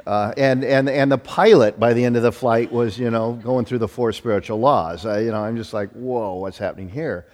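A middle-aged male pastor preaching a sermon, telling self-deprecating stories in an animated way with frequent restarts. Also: mid-range voice, a little fast, few pauses. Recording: long reverb of a hall.

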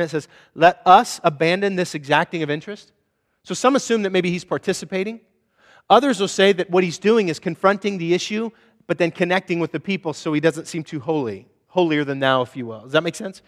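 A man preaching a sermon as a pastor, swinging between hushed asides and loud exhortation. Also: fairly high pitch, in a large hall.

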